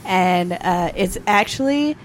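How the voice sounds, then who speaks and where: Comedian lady on a podcast, talks slow, pitch goes up and down a lot. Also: expressive, slight background noise. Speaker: comedian guest. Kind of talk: casual group chat.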